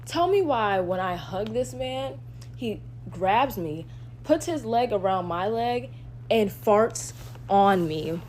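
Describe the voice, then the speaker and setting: A young woman recounts a storytime in a casual, slangy way, exasperated and animated. Her pitch swings widely as she talks into a phone. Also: slow, slight background noise.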